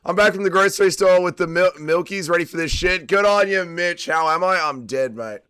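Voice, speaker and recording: A man's voice: high-pitched, fairly quick, bright, forceful tone, clean tone, no room sound, studio quality. An Australian man hosting a casual livestream, chatting and swearing with his viewers while still drunk and tired after a late night. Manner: swearing, laid-back banter with chat. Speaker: livestream host.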